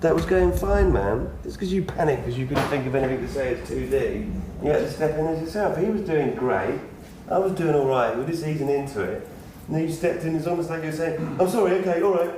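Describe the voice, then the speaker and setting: A man's voice: a little high, lively intonation, a little fast. A man arguing bluntly behind the scenes, insistent and swearing often. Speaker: band co-creator. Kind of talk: heated behind-the-scenes argument. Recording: echoey room, distant mic, noisy.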